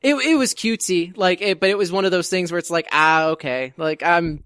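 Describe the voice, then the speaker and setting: Hesitant male co-host with a high voice; halting, hedged delivery, dry recording. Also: fairly bright tone, clear, resonant tone, dry recording. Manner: halting, stop-start, hedging. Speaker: podcast co-host. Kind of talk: casual chat.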